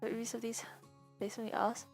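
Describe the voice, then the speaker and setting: A young woman with a lisp and some vocal fry from a sore throat, chatting casually to her stream, rambling with lots of fillers and sudden laughing squeals. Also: on the high side, level tone, brisk, soft background music. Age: young adult. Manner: rambling, many fillers and restarts. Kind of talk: casual chat to a live stream.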